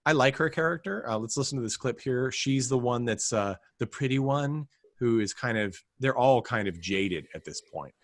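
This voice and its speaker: A man's voice: mid-range voice, animated, normal speed, no echo. A man co-hosting a film podcast, chatting casually and rambling with wry asides and frequent restarts. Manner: rambling, self-interrupting, wry. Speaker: podcast co-host. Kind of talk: casual film review chat.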